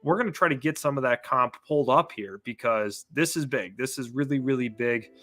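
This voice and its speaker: A man's voice: medium pitch, a little fast, a bit bright, faint music behind. A man co-hosting a live basketball stream, analyzing a breaking trade and thinking aloud. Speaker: co-host. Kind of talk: live sports talk.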